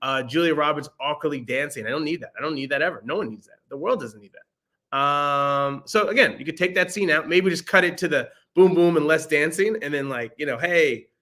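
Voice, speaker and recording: A man's voice: fairly high pitch, a little fast, pushed and bright. A young man co-hosting a podcast, chatting casually and jokingly about movies, laughing often. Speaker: podcast co-host. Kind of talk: casual movie review chat.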